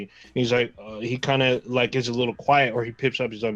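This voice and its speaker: A man's voice: medium pitch, brisk, few pauses, fairly bright tone, lo-fi sound. Rambling, profane man in casual chat. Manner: rambling, profane, retells scenes with quoted reactions. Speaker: podcast co-host.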